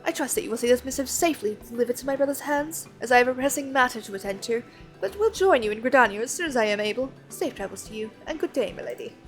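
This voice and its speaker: A woman's voice: on the high side, expressive, fast talker, faint music behind, close to an everyday voice, low-quality recording. A woman voicing an earnest young nobleman in an attempted French accent, speaking in a formal, old-fashioned way. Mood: resolute.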